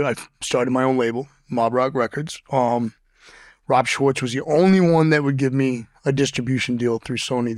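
A man in a podcast interview tells stories in a blunt, cursing way and trips over his restarts as he goes. His voice sits at a middle pitch. The sound is dry and close to the mic. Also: no echo. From Boston. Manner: profane, blunt storyteller with frequent stammered restarts. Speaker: podcast guest. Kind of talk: casual interview storytelling.

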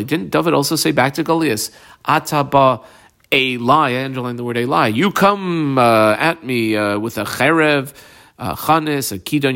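Male Talmud teacher, casual study lesson, reads aloud then explains loosely, filler-heavy, mid-pitched. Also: fairly bright tone.

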